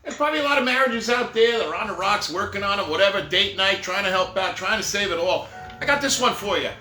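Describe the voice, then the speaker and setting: A man's voice: high voice, fast, pushed and bright. A middle-aged man telling rambling, jokey stories on a live stream and laughing at his own jokes, recorded in an echoey room with faint music behind. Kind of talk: casual storytelling.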